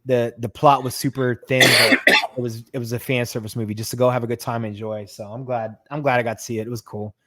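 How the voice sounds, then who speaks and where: A man co-hosting a podcast in casual chat, animated and quick to stumble and restart, swearing freely as he talks. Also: medium pitch, heavy background noise. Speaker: podcast co-host. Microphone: podcast mic.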